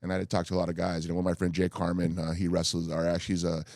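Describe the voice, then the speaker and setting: A man in his fifties from California speaks fast in a very low voice, with a dry, close studio sound. He rambles through earnest stories, full of fillers and restarts. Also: monotone, creaky, a little mellow, no echo. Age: 50s. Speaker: guest. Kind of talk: candid podcast interview. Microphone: studio microphone.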